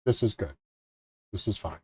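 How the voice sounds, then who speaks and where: A man's voice: lowish voice, moderate pace, husky. Jokey man with wry asides. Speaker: co-host playing the game. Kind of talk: casual gaming chat.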